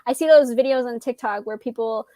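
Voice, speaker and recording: A woman's voice: fairly high pitch, brisk, warm tone, no echo. A young woman in her twenties in casual chat, gushing and emphatic with many fillers.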